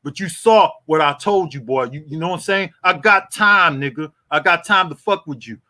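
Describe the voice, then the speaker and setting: Taunting profane man with a bright voice. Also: fairly high pitch, normal speed. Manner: taunting, profane, repeats "boy" and "you hear me". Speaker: boxing YouTube host. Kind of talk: heated livestream rant.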